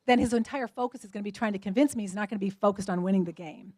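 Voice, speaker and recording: Woman keynote speaker, fairly high voice, dry close sound, animated storytelling. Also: racing, hardly any pauses, no room sound. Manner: lively storytelling, acts out quoted voices. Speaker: motivational speaker. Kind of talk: luncheon keynote talk.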